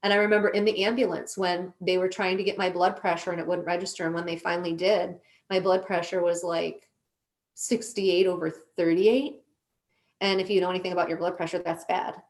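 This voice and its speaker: A woman on a podcast as a guest, telling her own story in an earnest, slow, deliberate way. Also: on the low side, little pitch movement. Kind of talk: emotional personal storytelling.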